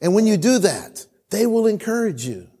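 Man, pastor, church sermon, animated, repeats himself, loud bursts and quiet asides. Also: high-pitched, normal speed, husky. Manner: animated preaching, swings between loud emphasis and quiet asides; repeats words and restarts often.

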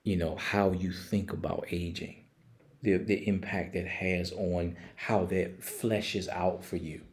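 A man's voice: sits low, fairly even intonation, slow pace, a little mellow. An older man leading a casual Bible study, reading verses aloud and then explaining them in plain everyday talk.

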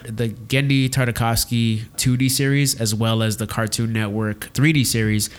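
A man's voice: medium pitch, fairly even intonation, moderate pace. A man hosting a casual podcast, explaining things at length and steering the talk with questions.

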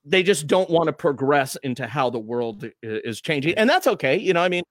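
A radio host in a relaxed podcast chat, a man with a slightly raised voice who rambles through his stories. The sound is dry and close, with no room around it. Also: on the high side, fairly quick, no echo. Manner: loose, rambling, animated storytelling. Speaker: morning radio host, guest.

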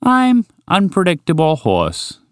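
A man voicing an enormous, eccentric male horse who talks in a polite, excitable way. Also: fairly high pitch, moderate pace, dry recording, clean studio sound, pitched above the performer's own voice. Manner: polite and dreamily enthusiastic.

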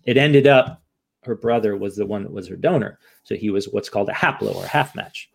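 A man from the United States speaks as a guest in a candid interview, his voice gravelly with a touch of fry. He sounds frank and emotional. He drops the odd curse word and often starts a sentence over. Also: lowish voice, a little fast. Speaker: podcast guest and author.

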